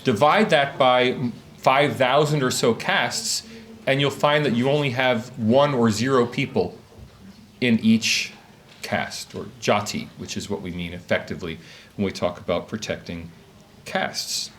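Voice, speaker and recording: A man's voice: medium pitch, unhurried, slight background noise. A man, an academic, giving a conference talk to a live audience, speaking from notes in a questioning lecture style. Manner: lively, questioning lecture delivery. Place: conference room.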